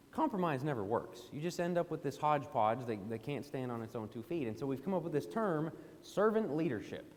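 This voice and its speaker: A man's voice: a little high, darkish tone. A man preaching a sermon in a church auditorium, emphatic and pressing indignant questions. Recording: long hall reverb.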